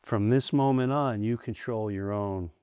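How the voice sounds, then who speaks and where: Brief: middle-aged male comedian, low-pitched, dry close sound, lively storytelling that acts out other voices. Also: a little slow, clear, resonant tone, no room sound, muffled recording. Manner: animated, acts out quoted voices, restarts often. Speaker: comedian guest. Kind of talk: candid storytelling interview.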